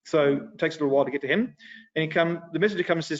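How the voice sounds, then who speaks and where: Man, Sunday school teacher, fairly high voice, casual animated teaching, dull lo-fi recording. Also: fast talker. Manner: animated and conversational, with dramatized retelling. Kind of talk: casual Bible class teaching.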